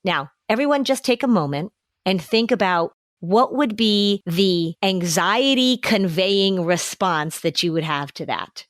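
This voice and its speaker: A woman hosting a casual podcast chat, advising parents and lively acting out parent and child lines. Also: medium pitch, unhurried, dry recording, clean studio sound. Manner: animated, acts out parent and child voices in quotes. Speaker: podcast host and anxiety expert advising parents.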